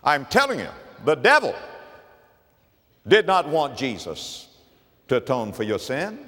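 A man preaching a sermon in church, swinging from loud, high emphasis down to low, quiet asides. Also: huge pitch swings, a little slow, long pauses. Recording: long reverb of a church hall.

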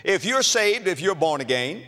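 A man preaching a sermon in a slightly high, very animated voice that swings from quiet asides to loud, ringing exclamations. He tells a story as he preaches. His words echo through a large hall with a long reverb. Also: moderate pace.

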